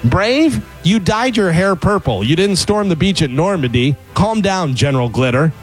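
A man's voice: high-pitched, lively intonation, normal speed. A man reading a sarcastic comic open letter, mocking people in a ranting manner. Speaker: comedy segment writer. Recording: faint music bed underneath.

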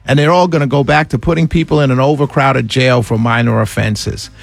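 A man's voice: medium pitch, steady tone, fairly quick, vocal fry, no room sound, faint music behind. A man hosting a talk radio show, ranting with sarcasm and passion and laughing between his points. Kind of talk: opinionated radio monologue.

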